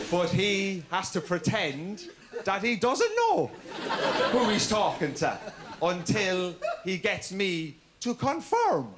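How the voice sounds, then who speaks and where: A man's voice: sits high, background noise. A man with an Irish accent telling a stand-up story in a cheeky, mock-innocent way on a comedy stage.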